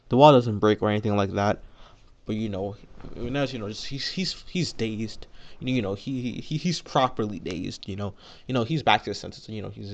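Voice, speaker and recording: A young man casually retelling a fan-made story, rambling with lots of fillers and restarts. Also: fairly low pitch.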